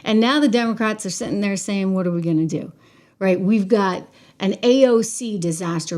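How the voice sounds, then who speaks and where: Animated woman hosting political commentary. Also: mid-range voice. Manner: animated and emphatic, with frequent restarts and asides to viewers. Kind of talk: casual political commentary livestream.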